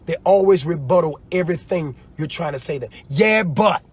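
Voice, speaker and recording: A man preaching in a loose, animated way on a livestream, often acting out quoted voices. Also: on the high side, fast, husky. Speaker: apostle.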